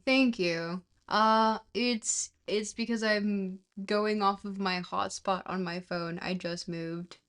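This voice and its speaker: A woman livestreamer talks casually to her chat between stretches of reading. She rambles a little, trails off and restarts. Her pitch sits right in the middle of the usual range for a woman. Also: fairly even intonation, slow, hardly any pauses, a bit bright, clear, resonant tone. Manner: chatty, trails off and restarts, laughs at herself. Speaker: livestreamer reading a book aloud.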